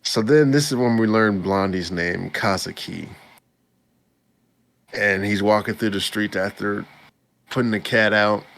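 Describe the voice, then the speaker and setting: A man's voice: on the low side, fairly bright tone. A man hosting a podcast, recapping an anime episode in a rambling, chuckling way. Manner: rambling, with many restarts and chuckles. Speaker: podcast host. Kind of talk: casual anime recap chat.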